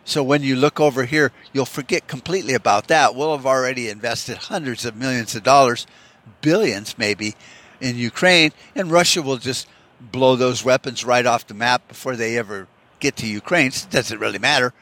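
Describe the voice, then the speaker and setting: A man's voice: medium pitch, moderate pace, fairly bright tone. A man ranting in a rambling, profane solo monologue as a podcast host, peppering everything with "you know.".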